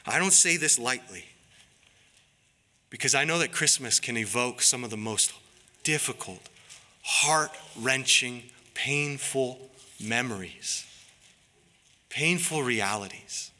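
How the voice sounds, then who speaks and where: A pastor delivers an earnest sermon, his voice very bright and forceful. He preaches at an unhurried pace and pleads with his listeners. Long reverb from a large hall trails his words. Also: mid-range voice, lively intonation.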